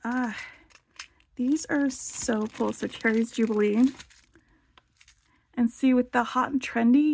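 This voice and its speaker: A woman's voice: a little high, gravelly, darkish tone. A woman hosting a casual show-and-tell vlog, chatty and enthusiastic, with lots of "like" fillers. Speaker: beading channel host.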